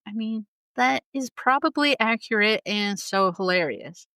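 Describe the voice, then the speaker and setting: A woman's voice: fairly high pitch, expressive, measured pace, sharp tone, smooth, no room sound. A woman hosting a casual, enthusiastic talk show, chatting with frequent laughter. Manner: enthusiastic and giggly, reciting quotes. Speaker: host. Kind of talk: casual talk about a musical.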